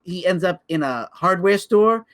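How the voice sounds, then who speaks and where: A man co-hosting a podcast, telling stories in a casual chat and stumbling over repeated words when excited. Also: sits high, a little slow. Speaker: podcast co-host.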